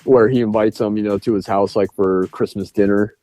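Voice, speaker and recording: A man with a lowish, mellow voice chats casually on a podcast, retelling film scenes in a rambling way full of "uh" and "like". The sound is dry and close, with faint music underneath. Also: steady tone, fairly quick, no echo. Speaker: podcast co-host. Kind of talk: casual film review chat.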